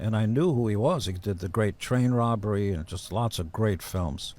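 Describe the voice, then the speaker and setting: A man as a podcast guest telling casual stories in a blunt, profane, deadpan-boasting way. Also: on the low side, moderate pace, few pauses. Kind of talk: casual storytelling.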